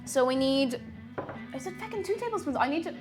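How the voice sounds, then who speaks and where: A woman's voice: high-pitched, animated, brisk. An Irish woman streaming live as she bakes in her home kitchen, chatting casually, repeating herself and greeting viewers by name. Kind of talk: casual live-stream chat while baking. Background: faint music played from her phone.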